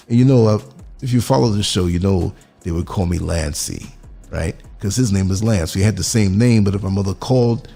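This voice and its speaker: A man's voice: lowish voice, creaky, dark tone. A man from the United States giving a reflective podcast monologue, earnest and musing, putting questions to the listener.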